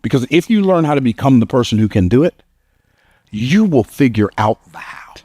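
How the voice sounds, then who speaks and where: A man's voice: medium pitch, very animated, normal speed, a little mellow, no room sound. A man giving a motivational speech to a live audience, telling stories in an emphatic, conversational way and laughing at his own lines. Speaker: motivational speaker.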